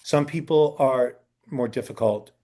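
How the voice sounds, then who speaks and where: A man's voice: medium pitch, a little slow, warm tone. A man who works as a talent agent answers interview questions in a casual way, telling long anecdotes, acting out the people he quotes and using many fillers and restarts. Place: indoor sit-down interview.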